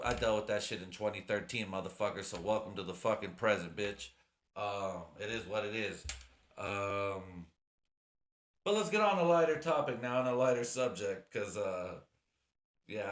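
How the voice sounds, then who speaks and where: A man's voice: fairly low pitch, a bit bright. A man hosting his own podcast, rambling casually in a profane, slangy way. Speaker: podcast host. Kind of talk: casual solo podcast rant.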